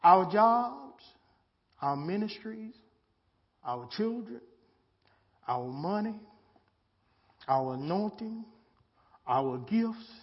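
A man's voice: high-pitched, highs cut off. A man preaching a live sermon in plain, colloquial speech, repeating his words and asking the listeners questions. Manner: slow, repetitive preaching with rhetorical questions.

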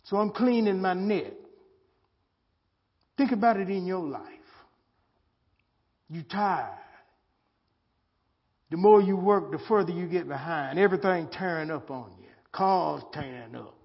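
A man's voice: high-pitched, animated, vocal fry, breathy edge, lo-fi sound. A man preaching a live sermon in plain, colloquial speech, repeating his words and asking the listeners questions. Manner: slow, repetitive preaching with rhetorical questions.

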